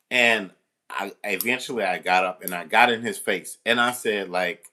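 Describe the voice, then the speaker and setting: Male substitute teacher, lowish voice, bright and forceful, telling a rambling casual story. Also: moderate pace. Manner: rambling, full of restarts and "you know".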